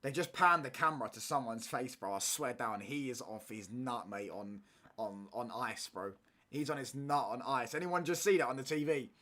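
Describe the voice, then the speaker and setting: A young man, talking casually over a live football match as a streamer. His voice is bright and forward, and his speech is loose and slangy, with "mate" and "bro" tagged onto most lines. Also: mid-range voice, normal speed. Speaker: watchalong streamer. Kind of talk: casual football watchalong chat.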